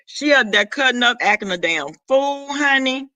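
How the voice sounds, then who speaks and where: High, sassy man chatting to his viewers. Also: animated, sharp tone, no echo. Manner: sassy, profane, chatty, quick asides to viewers. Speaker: vlogger greeting live chat. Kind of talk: casual live-stream chat.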